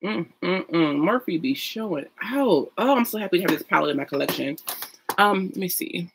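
A woman's voice: fairly low pitch, expressive, normal speed, creaky, slightly rough. A young woman chatting casually while doing her makeup at home, gushing and full of fillers. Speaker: beauty vlogger. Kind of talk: casual get-ready-with-me chat.

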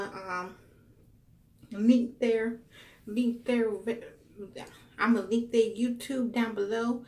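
In a casual unboxing vlog, a young woman gushes over her gifts and gets a little teary, exclaiming "wow" often and calling her viewers y'all. Her voice sits at medium pitch with a darkish tone.

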